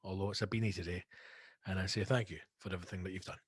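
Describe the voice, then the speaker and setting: A man's voice: deep voice, racing, slightly rough, no room sound. Ranting Scottish man, dry close sound. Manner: profane, ranting and excitable. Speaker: podcast host. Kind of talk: casual solo podcast monologue. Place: home recording space.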